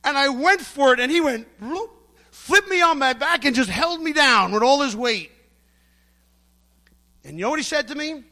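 High-voiced, bright-toned middle-aged preacher. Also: male voice, animated, moderate pace, pauses often. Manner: emphatic, storytelling, acts out quotes. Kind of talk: sermon.

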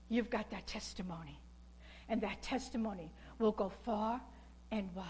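A woman's voice: mid-range voice, moderate pace, darkish tone. A middle-aged woman preaching a sermon, fervent and pleading, repeating her lines.

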